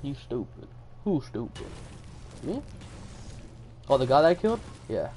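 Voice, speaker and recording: A man's voice: medium pitch, very animated, a little slow, dark tone, a little hiss or hum. A young man from Texas live-streaming a game, chatting casually and joking while reading viewer messages aloud. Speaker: gaming streamer.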